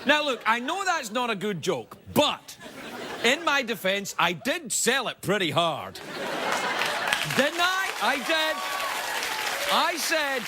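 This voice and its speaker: A man's voice: very high voice, very animated, unhurried, a loud crowd. A man hosting a late-night talk show, delivering a playful, self-mocking comedy monologue on a studio stage. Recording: loud audience noise in studio. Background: loud studio audience laughing and cheering.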